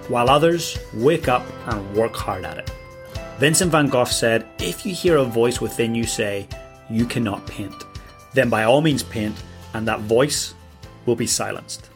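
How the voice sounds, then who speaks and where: A man hosting a podcast, reading his show intro and a guest introduction in an upbeat, energetic way, then greeting his guest. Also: mid-range voice, a little slow, faint music behind. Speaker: podcast host and success coach.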